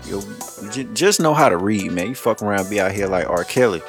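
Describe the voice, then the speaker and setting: A man's voice: fairly low pitch, expressive, a little fast. Casual podcast host, male, laid-back and laughing, over a music bed. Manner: loose, laughing, profane street talk. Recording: music playing underneath.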